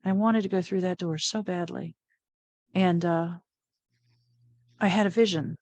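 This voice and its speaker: Lively middle-aged woman telling her story. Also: lowish voice, measured pace, no room sound. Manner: animated, laughs often, acts out quoted lines. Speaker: interview guest. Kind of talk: personal storytelling.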